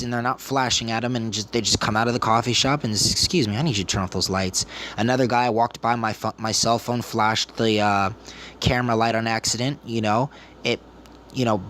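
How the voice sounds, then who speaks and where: Thirty-year-old male vlogger, mid pitch, loose rambling storyteller. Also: fairly bright tone. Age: 30s. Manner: rambling, repetitive retelling. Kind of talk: casual storytelling to camera.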